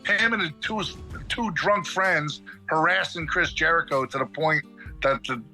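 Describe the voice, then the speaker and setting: A man's voice: fairly high pitch, measured pace, faint music behind, poor audio. A middle-aged man telling a long story as a podcast guest in a casual way, acting out the dialogue of the people in it. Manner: animated, acts out dialogue in quotes.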